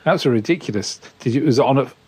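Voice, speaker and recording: A man chatting as podcast co-host, telling wry, animated anecdotes. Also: medium pitch, quick pace, husky. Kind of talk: casual chat about old TV.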